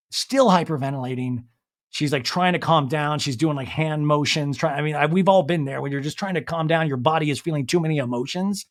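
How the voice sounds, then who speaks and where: A young man hosting a podcast, recapping reality TV in casual chat, animated and quick to quote people. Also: fairly high pitch.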